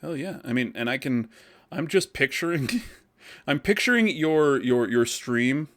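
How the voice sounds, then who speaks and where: A man hosting a podcast, casual and jokey, quick to laugh while he chats with his guest. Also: medium pitch, expressive, fairly bright tone. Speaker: podcast host. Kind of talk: casual interview chat.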